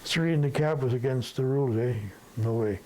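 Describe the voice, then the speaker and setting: A man's voice: medium pitch, fairly quick, a little mellow, a little hiss or hum, rough recording. An older man from the Sudetenland reminiscing in a rambling storytelling way, tacking questions onto his sentences. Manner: rambling, peppered with tag questions. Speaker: interviewee.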